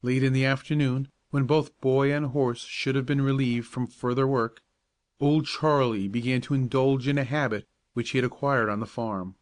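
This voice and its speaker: A man narrating a bedtime audiobook in a calm, measured storytelling voice. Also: medium pitch.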